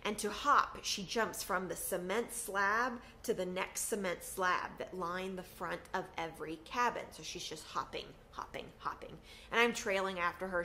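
A woman performing a personal story, acting out the voices of the people in it. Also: slight background noise. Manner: animated, acts out quotes with big pitch swings.

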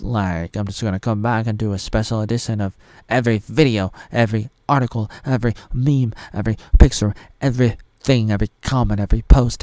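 Man, 30s, from Oregon, self-mocking solo vlog rant, low smooth voice. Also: darkish tone, dry recording. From Oregon, USA. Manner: self-mocking, digressive, with pop-culture asides. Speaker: vlogger.

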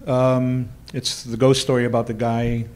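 A man's voice: mid-range voice, monotone, measured pace, a little mellow. A man with a Hawaiian accent who tells ghost-tour stories in a laid-back, dry-humored way during a casual chat recorded live in a bar. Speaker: ghost tour guide and storyteller.

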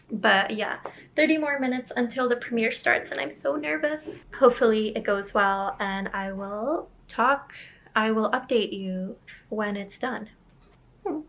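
A woman illustrator chats to her viewers in a casual vlog. Her voice sits a bit high, and she rambles happily with plenty of fillers. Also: fairly bright tone, muffled recording. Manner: bubbly, rambling, many "like" fillers. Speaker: children's book illustrator vlogging.

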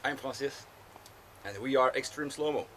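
A young French Canadian man co-hosting a casual vlog outdoors with dry, low-key asides. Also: normal speed, fairly bright tone. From Quebec, Canada. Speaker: co-host. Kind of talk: casual chat. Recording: noisy outdoor recording.

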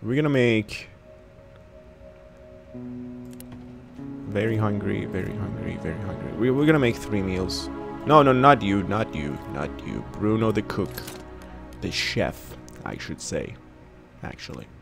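A man talks his way through a survival game in casual commentary, joking and arguing with the characters on screen. His pitch swings up and down a lot as he goes. Faint music plays under his voice. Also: a little slow, vocal fry. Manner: animated, jokey, talks to game characters and reads game text aloud. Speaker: gaming video creator. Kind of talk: casual let's play commentary.

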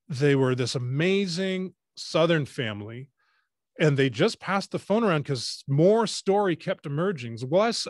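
A man appearing as a guest, normally a radio co-host, rambles through stories over a video call, often correcting himself. His mid-range voice is captured in clean studio sound with no echo, in a casual webinar chat.

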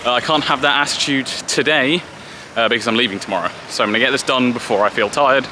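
Walking through a city, a young British travel vlogger rambles self-deprecatingly to a handheld camera held at arm's length. His voice is mid-range and fast, and the background is noisy.

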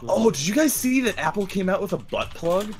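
A young man chatting casually during a party game, breaking into high squealing giggles. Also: sing-song, fairly quick. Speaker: stream regular. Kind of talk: casual chat while playing a party game.

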